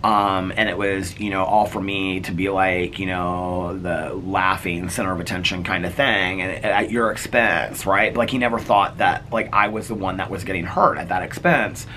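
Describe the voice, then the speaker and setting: Middle-aged male vlogger from Indiana, lowish and bright, chatty and heartfelt. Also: fairly even intonation, normal speed, hardly any pauses, a little hiss or hum. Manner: chatty, earnest, heavy use of "like". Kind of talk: casual personal storytelling.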